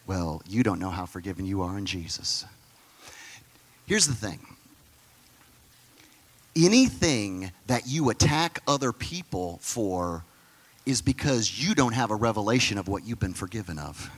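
Man preaching a lively conversational sermon. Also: on the low side, unhurried, pauses often, big-room sound. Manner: conversational, acts out dialogue in different voices. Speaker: pastor.

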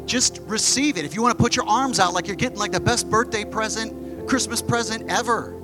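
Male pastor, high-pitched, relaxed chatty preaching style, recorded in a church with music underneath. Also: low-quality recording. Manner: casual, conversational preaching with quick asides. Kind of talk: sermon. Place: church sanctuary with stage. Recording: music behind the voice. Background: music playing.

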